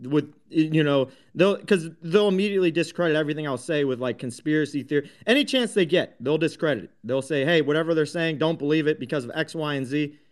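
High-voiced man ranting in an audio room. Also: fast talker, few pauses. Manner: combative, heavy swearing, many restarts. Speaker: host of a crypto talk space. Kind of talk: profane live audio-room rant.

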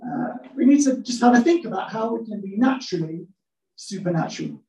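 A woman's voice: mid-range voice, expressive, a little fast, warm tone, dull audio. A woman preaching a sermon to a church congregation, humorous and acting out little scenes. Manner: humorous, acts out scenes in voices. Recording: echoey church hall, mic from a distance.

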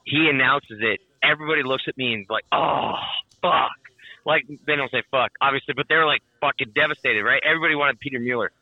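A man telling a story in casual chat, excitable and swearing constantly, with lots of "like.". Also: medium pitch, fast talker, few pauses, no room sound, muffled recording.

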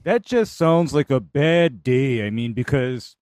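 Slow, careful man explaining technique. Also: mid-range voice, expressive, darkish tone, no room sound. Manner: measured, explains methods step by step. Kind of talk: casual technical talk.

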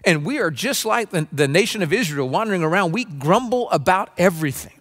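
A pastor delivering a sermon in an earnest, preacherly way, acting out grumbling voices. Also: male voice, sits high, animated, brisk, fairly bright tone. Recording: long reverb of a large room.

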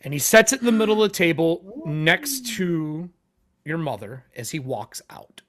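A man narrating as game master of a tabletop game in a halting way. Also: a little high, very animated, a bit bright.

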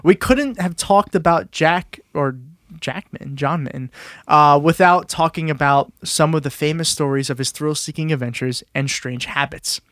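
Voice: mid-range voice, moderate pace, a bit bright, no room sound, studio quality. A podcast host in casual chat who reads a history story aloud, amused and often breaking into laughter.

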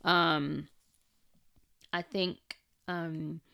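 A woman with a lowish voice and a gravelly, fry-tinged edge talks through her experience of raising her nieces. She speaks candidly and reflectively, peppering her sentences with "like" and "um" in a relaxed personal chat. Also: very slow. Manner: candid, chatty, with frequent "like" and "um".

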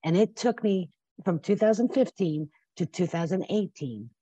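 A woman's voice: on the low side, animated, moderate pace, warm tone, husky, lo-fi sound. A woman in her fifties speaking as a podcast guest, passionate and emotional, sometimes teary and laughing. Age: 50s. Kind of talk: podcast interview.

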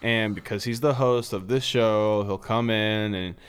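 Loud, animated man with a smooth voice. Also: fairly low pitch, unhurried. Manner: loud, animated, swears freely. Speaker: stand-up comedian. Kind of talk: casual chat.

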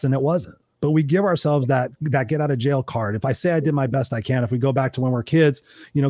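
A middle-aged man hosting a show, telling stories in casual chat, animated and swearing freely as he acts out quotes. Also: medium pitch, fast, no room sound, clean studio sound. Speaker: podcast host.

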